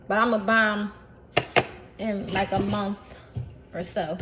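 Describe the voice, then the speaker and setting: A woman's voice: mid-range voice, steady tone, slow pace, a bit bright, a little hiss or hum. A young adult woman, talking casually and animatedly to her viewers, repeating phrases and calling them y'all. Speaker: vlogger. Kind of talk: casual talk to camera.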